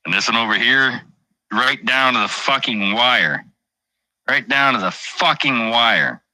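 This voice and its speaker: A man's voice: medium pitch, animated, measured pace, pushed and bright, no room sound, rough recording. A truck driver chatting casually on a stream, rambling, swearing constantly and joking as he goes. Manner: profane, rambling, jokey. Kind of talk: casual livestream chat.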